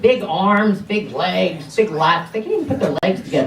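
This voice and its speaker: A woman's voice: on the low side, animated, moderate pace, vocal fry, soft background music. A middle-aged woman doing a stand-up comedy set, brash and sassy, talking straight to the audience. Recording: roomy sound from a distance.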